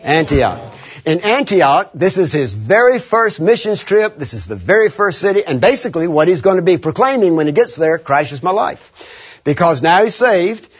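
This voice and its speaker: A man preaching to young people, leading call-and-response and slowly repeating phrases for emphasis, with high laughing shouts now and then. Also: very animated, husky. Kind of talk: lively teaching sermon. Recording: dull lo-fi recording.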